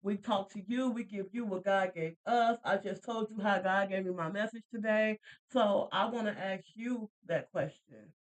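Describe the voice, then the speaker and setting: A woman's voice: mid-range voice, normal speed, poor audio. A woman in her thirties or forties co-hosting a casual faith podcast, chatty and repetitive, laughing easily. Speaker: podcast co-host.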